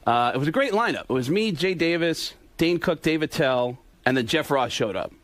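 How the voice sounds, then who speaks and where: A man telling stories on a talk show, animated and dropping into impressions of other people as he goes. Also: fairly high pitch, brisk, dry recording. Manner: animated, slips into impressions of others mid-story. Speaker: impressionist guest. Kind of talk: casual storytelling on a radio talk show.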